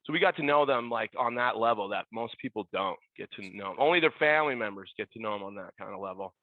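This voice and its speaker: A man's voice: on the low side, fast, dry recording. A middle-aged man telling stories as a podcast guest, acting out other people's lines in raised voices. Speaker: podcast guest, former ballboy. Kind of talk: animated storytelling. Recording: tinny phone-like line.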